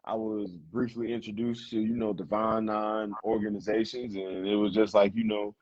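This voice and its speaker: A young man from South Carolina with a fairly low voice, talking as an interview guest. He rambles in a relaxed, loose way, with lots of fillers. The sound is dull and lo-fi, with a dry, close feel and no room echo. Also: moderate pace. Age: young adult. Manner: relaxed, rambling, full of fillers like "you know" and "like". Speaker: guest, college football player. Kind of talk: casual interview talk.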